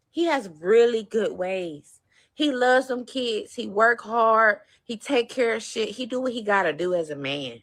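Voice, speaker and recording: A woman's voice: fairly high pitch, expressive, a little slow, fairly bright tone. A woman talking on her livestream, tearful, rambling and defensive. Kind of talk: emotional live stream talk.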